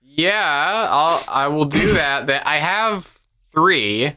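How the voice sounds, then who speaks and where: A man's voice: on the high side, animated, takes it slowly, pushed and bright. A man playing in a tabletop game, blunt and swearing when speaking in character. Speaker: player.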